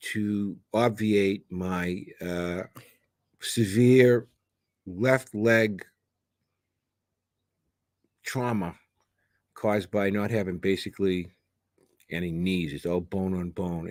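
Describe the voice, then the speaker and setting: A man's voice: lowish voice, dry recording, clean studio sound. A man in his seventies from Sicily, co-hosting a casual live stream and telling rambling, joking stories. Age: 70s. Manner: rambling, joking, animated storyteller. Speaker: co-host. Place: home in Sicily.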